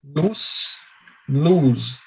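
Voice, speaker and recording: Slow man. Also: fairly high pitch, lively intonation, gravelly. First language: Portuguese. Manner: asks careful questions, repeats words to practice. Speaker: adult ESL student.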